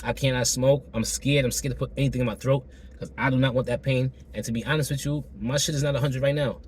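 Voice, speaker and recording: A man with a hoarse, still-recovering throat tells a personal story to camera in a loose, slangy way, repeating himself and acting out the exchanges. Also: mid-range voice, fairly even intonation, fast, a little mellow, slight background noise. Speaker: vlogger telling a personal story.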